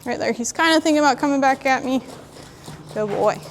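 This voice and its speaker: A woman horse trainer in a sandy arena, calmly explaining while she works a young horse and talks to it. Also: sits high, brisk, slight background noise. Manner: calm, plainspoken, talks to the horse in between. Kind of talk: training demonstration.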